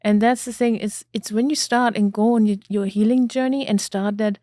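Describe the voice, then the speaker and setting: A woman's voice: a little high, steady tone, normal speed, mellow, no echo. A woman hosting an interview podcast, speaking reflectively and searching for her words. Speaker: podcast host. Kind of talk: interview conversation.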